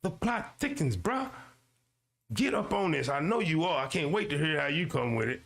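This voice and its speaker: A man with a slightly high, gravelly voice hosts a streamed commentary show. He reads a web page aloud at a slow, deliberate pace and breaks off into fast, animated remarks aimed at his audience. He often repeats a line to drive it home. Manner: animated, swings between slow read-aloud and quick asides; talks back to his audience, repeats lines for emphasis. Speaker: show host.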